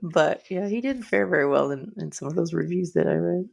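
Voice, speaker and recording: A woman's voice: fairly low pitch, brisk, gravelly, darkish tone. A woman co-hosting a horror podcast, talking casually and laughing between remarks. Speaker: podcast co-host. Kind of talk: casual chat.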